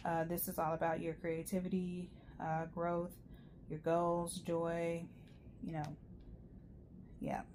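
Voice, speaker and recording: A woman's voice: on the low side, darkish tone, a little hiss or hum. A woman giving a rambling, chatty tarot reading, full of fillers and asides. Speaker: tarot reader. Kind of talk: casual tarot reading monologue.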